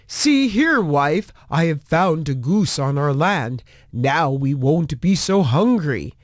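A woman voicing a poor, kind-hearted farmer who turns greedy, speaking in a lowered, gruff voice. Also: very animated, takes it slowly, no echo, studio quality, full character voice. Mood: earnest.

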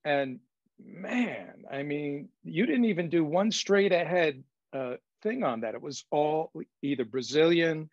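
A man's voice: on the high side, expressive, unhurried, no echo. A man hosting a casual interview, reacting conversationally and asking questions. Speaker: host. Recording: dull, dry lo-fi audio.

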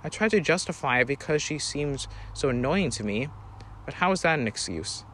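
A man's voice: on the high side, animated, normal speed, fairly bright tone, a little hiss or hum. A man reading a first-person story aloud, earnest and plain, sometimes correcting himself.

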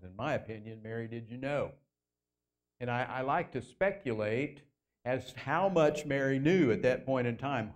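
A man preaching a sermon as pastor in a church, earnest, slowing down and lifting his voice to stress key phrases. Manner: earnest preaching, slows and lifts pitch for emphasis. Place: church sanctuary.

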